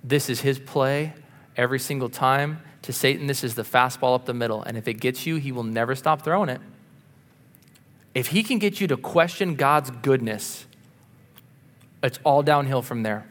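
A man preaching a sermon, earnest and insistent, moving between punchy emphasis and quiet asides. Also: medium pitch, moderate pace, long reverb tail. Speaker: pastor.

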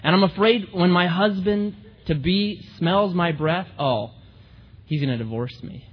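A woman's voice: lowish voice, unhurried, slightly rough, big-room sound, dull audio. A man voicing a worried young bride in a told joke, anxious and pleading.

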